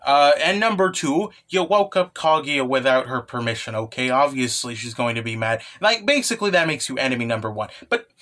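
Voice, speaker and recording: A man's voice: mid-range voice, a little fast, hardly any pauses, a bit bright. Rambling young man recapping a story. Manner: rambling, filler-heavy, tag questions. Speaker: manga recap host. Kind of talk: casual commentary.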